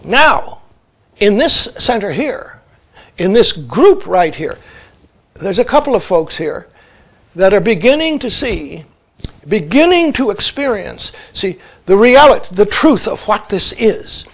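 High-voiced man giving a reflective dharma talk. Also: big pitch swings, a little slow. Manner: reflective, peppers speech with "see", drops to hushed tones. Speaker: Zen teacher.

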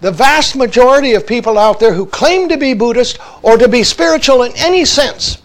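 High-voiced man giving a reflective dharma talk. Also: expressive, brisk. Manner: reflective, peppers speech with "see", drops to hushed tones. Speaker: Zen teacher.

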